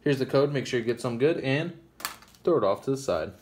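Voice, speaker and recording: A man casually chatting to camera as he opens trading card packs, reading card names aloud and jumping to excited high squeals over good pulls. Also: fairly quick, slight background noise. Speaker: card-opening channel host. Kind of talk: casual card-opening commentary.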